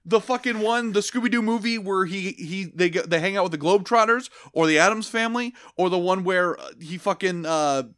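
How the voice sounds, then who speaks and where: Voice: medium pitch, brisk, hardly any pauses, a bit bright. Profane, ranting podcast co-host. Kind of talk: casual comedic film review.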